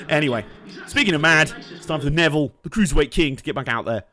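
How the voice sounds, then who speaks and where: A man's voice: on the high side, fast, sharp tone. Man joking through a race game. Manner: joking, sweary, laughs a lot. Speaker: let's play streamer. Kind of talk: live game commentary. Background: racing game music and engine noise.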